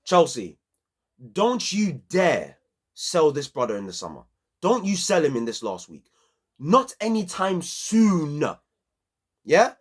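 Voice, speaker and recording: A man's voice: a little high, wildly swooping pitch, unhurried, husky. A young man, giving a passionate, slangy football match review on his own channel.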